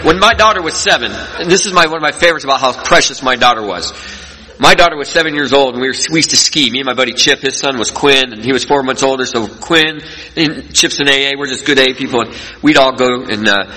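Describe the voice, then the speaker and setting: A middle-aged man giving an earnest personal recovery talk to an audience, telling stories and dropping between loud and quiet. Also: mid-range voice, fast talker, husky. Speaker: recovery speaker. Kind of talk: personal testimony speech to an audience. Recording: long reverb from a large hall.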